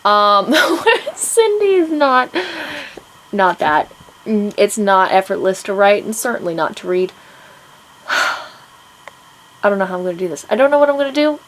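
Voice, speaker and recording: A woman's voice: mid-range voice, big pitch swings, unhurried, pauses often, fairly bright tone, a little hiss or hum, rough recording. A woman writer chatting casually about her writing progress, rambling with plenty of ums and frequent laughs. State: out of breath. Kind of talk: casual chat to camera.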